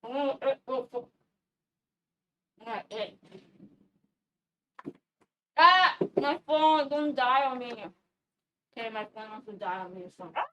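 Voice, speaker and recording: A woman livestreams from her home kitchen while baking, chatting casually, rambling and swearing a lot. Her voice is high-pitched, pushed and bright, and she speaks slowly with long pauses. The audio sounds dull, picked up by a distant mic with faint background noise.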